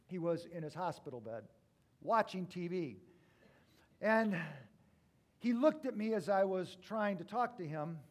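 High-voiced male pastor preaching. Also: lively intonation, a little slow, pauses often. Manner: storytelling with wide swings from loud to hushed. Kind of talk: sermon.

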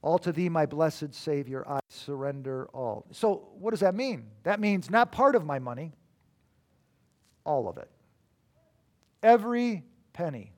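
A man preaching a sermon as a pastor, emphatic, with sudden swings between loud declarations and quiet asides. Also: fairly high pitch.

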